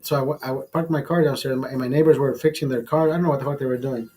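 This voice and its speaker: A man casually telling a profane story in a vlog, animated and blunt. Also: mid-range voice, rapid-fire, rough recording. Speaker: vlogger.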